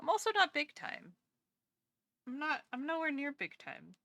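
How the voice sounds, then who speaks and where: A woman streaming live and chatting with her viewers, with a high, bright and sharp voice. She teases, jokes at her own expense and swears freely, in a dry, close sound. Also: big pitch swings, normal speed, no echo. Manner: playful, self-deprecating, teasing, swears freely. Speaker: livestreamer reading chat. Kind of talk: casual live-stream chat.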